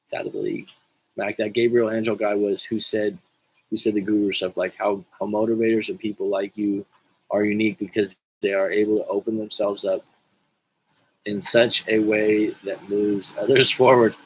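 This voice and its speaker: A man's voice: fairly low pitch, little pitch movement, normal speed, husky, low-quality recording. Joking, profane male livestream coach. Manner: joking, profane, rambling with restarts. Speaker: life coach. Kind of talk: casual livestream talk, reading viewer comments.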